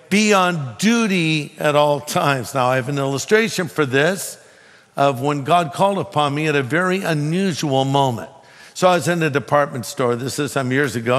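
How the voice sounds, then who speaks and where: A man preaching to a congregation in a fairly high voice that carries a long hall echo. He tells stories with animated swings in pitch and acts out the other person's lines. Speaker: pastor. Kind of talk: sermon with storytelling.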